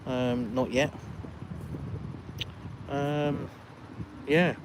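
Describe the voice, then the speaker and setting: A retired Englishman hosting a live stream outdoors, reading out viewer comments and answering them in relaxed, chatty talk. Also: mid-range voice, drawn-out words, noisy background. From England. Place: outdoors in a village, walking.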